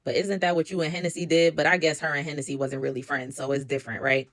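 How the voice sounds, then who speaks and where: A woman's voice: deep voice, little pitch movement, fast, no room sound. Chatty woman recapping reality TV drama. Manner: chatty, incredulous asides, quotes others with slang. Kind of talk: casual recap commentary.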